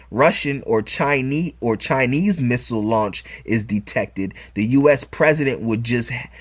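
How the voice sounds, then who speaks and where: A man delivers informal religious commentary in a middle-pitched voice, reading passages aloud and then preaching over them. He talks emphatically, repeats key phrases, and keeps checking in with "all right?" and "man", with frequent chuckles. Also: fairly bright tone, breathy edge.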